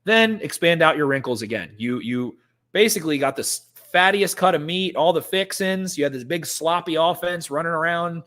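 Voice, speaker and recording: With a fairly high, fairly bright voice at normal speed, a young man co-hosts a sports podcast. He rants emphatically through the casual sports talk, hammering points by repeating them.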